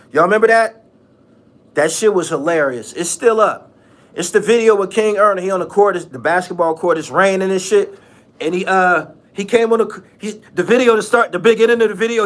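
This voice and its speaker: A man's voice: high-pitched, a bit bright. A man hosting his own channel, ranting casually in a mocking tone, repeating phrases and laughing often. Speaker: channel host. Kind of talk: casual vlog rant.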